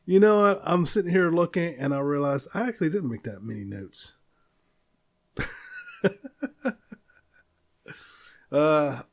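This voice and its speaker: A man hosting a casual solo podcast, rambling and chuckling as he talks. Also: on the high side. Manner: rambling, chuckles often, loose and self-interrupting. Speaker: podcast host.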